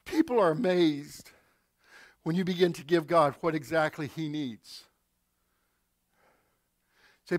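A man's voice: fairly high pitch, steady tone, slow pace, long pauses, dry recording, clean studio sound. A male pastor preaching a sermon, telling stories and acting out quotes with asides to the congregation.

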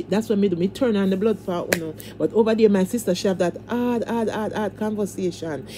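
A woman's voice: mid-range voice, brisk, few pauses, warm tone, a little hiss or hum. A woman hosting a casual livestream, talking in a fervent, repetitive, preacher-like way and pleading with her viewers. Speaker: livestream host.

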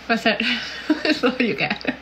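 A woman's voice: a little high, very animated, unhurried, a bit bright, a little hiss or hum, low-quality recording. A woman from Canada hosting a casual livestream, reading viewer comments aloud and answering them in a chatty, giggly way full of "like"s and "um"s.

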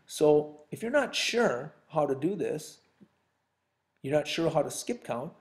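A man's voice: on the high side, very animated, measured pace. A man teaching a recorded sixth-grade math lesson, talking straight to his students in a chatty, joking way. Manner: chatty, addresses students directly, jokes.

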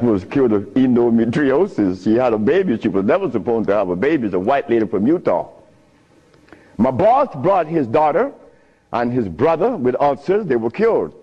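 A man telling stories in an animated talk, chuckling often and speaking with preacher-like emphasis. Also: medium pitch, breathy edge, big-room sound. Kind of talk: animated storytelling lecture. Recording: dull lo-fi recording.

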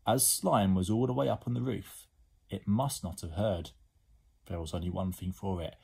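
A man reading a children's storybook aloud as a teacher, expressive and animated. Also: deep voice, moderate pace, gravelly, husky.

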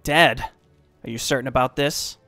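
A man's voice: medium pitch, moderate pace, sharp tone, dry recording, faint music behind. A man reading game dialogue as a proud, grieving fantasy king, in a commanding, stern manner.

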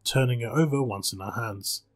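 A man reading a spooky short story aloud with calm, measured narration, as channel host. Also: medium pitch.

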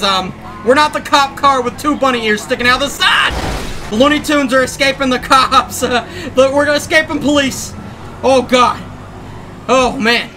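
A young man giving excitable gameplay commentary, often shouting and laughing as he plays. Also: very high-pitched. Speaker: gaming YouTuber.

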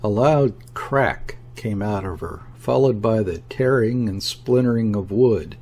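A man narrating a classic novel as an audiobook, reading in a measured, deliberate way. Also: on the low side, darkish tone, breathy edge. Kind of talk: scripted narration.

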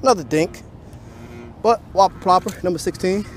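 At dusk, a fishing vlogger chats casually with viewers between casts and swears whenever he loses a fish. His voice sits high and moves at a moderate pace. Slight background noise is audible.

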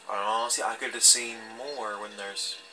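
A man's voice: on the low side, steady tone, moderate pace, bright, forceful tone, faint music behind, rough recording. A man hosting a let's play, giving chatty, casual commentary with wry joking asides as he plays.

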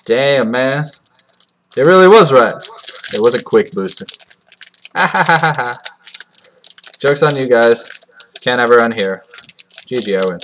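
A man doing crude, excitable unboxing commentary into a cheap computer mic, swinging from loud yelps to low mumbling and mocking himself. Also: slow, pauses often, noisy background. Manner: crude, joking self-mockery. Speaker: card unboxing vlogger. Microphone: cheap computer mic that cuts out.

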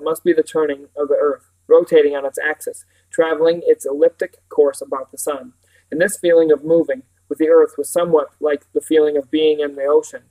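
A man reading a novel aloud, his voice sitting a little higher than most men's. He keeps a measured, steady storytelling pace from sentence to sentence. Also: low-quality recording. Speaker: reader.

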